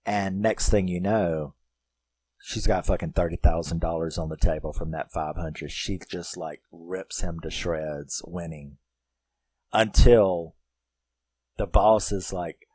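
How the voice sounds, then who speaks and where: A man's voice: sits low, steady tone, slow, a little mellow, slightly rough, no echo. Rambling, foul-mouthed man recapping a film. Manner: rambling and profane, full of "like" and "you know". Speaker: film reviewer. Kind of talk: casual spoken film recap.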